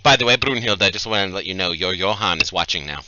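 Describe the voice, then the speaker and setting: A man's voice: low-pitched, expressive, quick pace, sharp tone, dry recording, highs cut off. A man narrating a tabletop role-playing game as dungeon master, describing scenes and joking with his players. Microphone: headset over voice chat.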